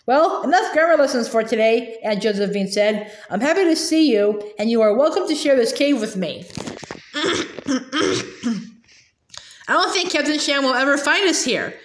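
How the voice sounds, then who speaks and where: Fretful, grammar-obsessed old aunt, high and prim; woman reader puts her on; roomy sound. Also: lively intonation, normal speed. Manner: whiny, prim, scolding. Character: fussy fearful older aunt, grammar-obsessed. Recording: roomy echo.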